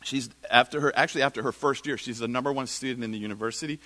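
A middle-aged man telling a lively personal faith story at a church, acting out the people he quotes. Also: very fast. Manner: animated storyteller, quotes others in lowered voice. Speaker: speaker at a church. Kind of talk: storytelling sermon talk.

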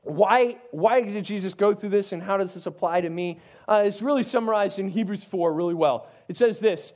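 A man's voice: high-pitched, normal speed, hardly any pauses, darkish tone. A man, a youth pastor, teaching from the Bible in a casual, conversational way with frequent asides to his listeners.

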